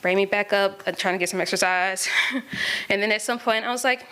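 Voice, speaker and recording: A woman recounts a personal story in a relaxed, conversational way and laughs often between sentences. Her voice is bright, and her pitch sits in an ordinary middle range. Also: fairly quick, clean tone.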